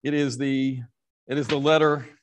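A man preaching a conversational sermon as a parish priest, animated, often correcting himself and talking to the congregation directly. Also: mid-range voice, normal speed, a little hiss or hum. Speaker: priest and rector. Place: church.

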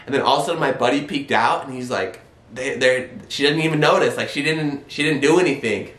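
A young man in his twenties, a vlogger telling a story in an animated way, acting out his own quoted lines. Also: mid-range voice, fairly quick, echoey room. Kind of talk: casual storytelling.

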